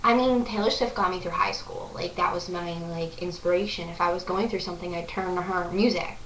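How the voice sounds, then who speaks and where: A young woman vlogger excitedly telling a story to the camera, gushing and full of "like" fillers. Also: on the low side, a little fast, recorded from a distance, a little hiss or hum. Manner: breathless, gushing, lots of "like" fillers. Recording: echoey room, voice off-mic.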